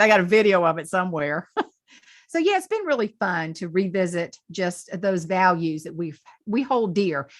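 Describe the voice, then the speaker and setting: A Southern woman from the South Carolina Lowcountry, a humorist and speaker, telling folksy stories in an interview and laughing often. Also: dry recording, clean studio sound. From Southern United States. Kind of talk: storytelling interview chat.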